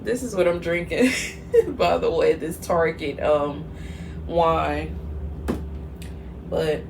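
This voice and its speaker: A woman's voice: sits low, slow, gravelly. A young woman chatting casually in her home kitchen as a mom vlogger. She laughs often and gets teary and sentimental as she talks. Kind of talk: casual kitchen vlog chat. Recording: noisy home recording.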